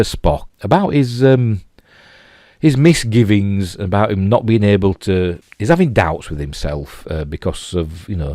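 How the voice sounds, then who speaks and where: Deep Yorkshire male voice, casual review, meandering, dry room. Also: darkish tone, no echo. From Yorkshire, England. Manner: rambling, lots of "you know" and restarts. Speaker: TV episode reviewer.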